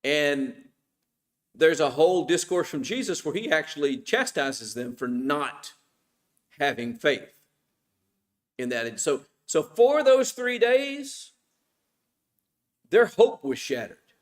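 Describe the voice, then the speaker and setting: A middle-aged man with a fairly high voice leads a Bible study class at church. His teaching is informal and conversational, and he keeps asking the class questions that he then answers himself. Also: expressive, takes it slowly, long pauses.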